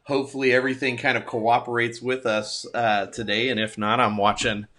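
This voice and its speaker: Bright-voiced pastor chatting on a livestream. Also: male voice, medium pitch, level tone, fairly quick. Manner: rambling and good-humored, thinking aloud with fillers. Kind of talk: casual livestream chat.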